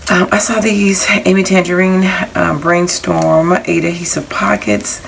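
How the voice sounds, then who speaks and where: A woman's voice: on the low side, flat delivery, measured pace, vocal fry, noisy background. A woman casually showing off craft supplies she bought, rambling a little and reading out prices and item numbers. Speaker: crafting haul vlogger.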